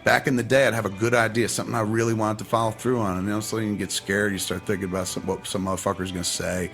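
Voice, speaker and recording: A middle-aged man telling a story from his life as a guest on another show, candid and reflective, with swearing sprinkled through it. His voice sits on the low side, with faint music under it. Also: flat delivery, rapid-fire, gravelly, a bit bright. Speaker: podcast guest. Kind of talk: storytelling in conversation.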